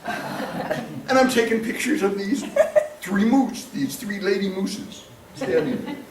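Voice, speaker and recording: A man's voice: high-pitched, slow pace. A man teaching a church Bible class, mixing scripture reading with funny personal stories. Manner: animated, humorous storyteller. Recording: echoey room, distant mic, background noise.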